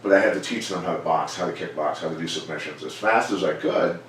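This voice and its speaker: In a gym interview, a middle-aged man, once a fighter and now a coach, shares stories in a low voice, calm and plain, getting animated only when quoting other people. The sound is echoey with a distant mic and a little background noise.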